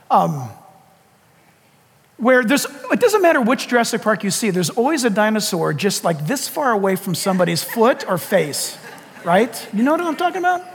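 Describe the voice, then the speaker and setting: A male pastor preaching a sermon in an animated way, acting out urgent calls and laughing with the crowd. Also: very high voice, in a large hall.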